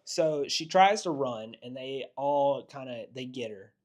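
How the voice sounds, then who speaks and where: Speaking in a mid-range voice at a measured pace, a male podcast co-host casually goes through a horror movie scene after scene. He tells it with animation, putting on the characters' voices whenever he quotes them.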